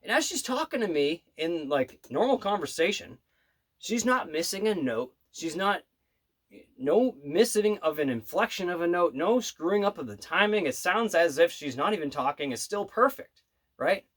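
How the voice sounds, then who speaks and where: A man's voice: high-pitched, expressive, moderate pace, a bit bright. Earnest rambling man telling stories. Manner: rambling and earnest, full of "you know" and "right". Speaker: bass player and manifestation coach. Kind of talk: casual storytelling vlog. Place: his home studio.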